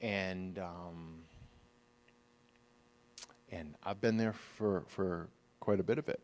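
Pastor preaching in a reverberant church. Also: male voice, deep voice, slow pace. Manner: swings from hushed storytelling to loud, emphatic preaching. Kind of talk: sermon.

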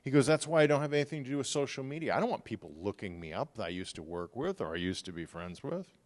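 A middle-aged pastor giving a sermon in a relaxed, conversational way, telling stories and acting out the people he quotes. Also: mid-range voice, fast.

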